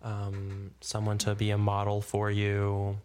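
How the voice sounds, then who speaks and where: A man's voice: lowish voice, completely flat delivery, takes it slowly, a little mellow, clear, resonant tone. A man co-hosting a casual podcast, chiming in with playful quips. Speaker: podcast co-host. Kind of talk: casual chat.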